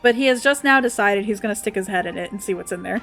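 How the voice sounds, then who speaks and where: A woman's voice: medium pitch, quick pace, fairly bright tone, faint music behind. A woman streaming a game live, chatting casually, laughing often and cooing at her dog. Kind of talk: casual livestream chat.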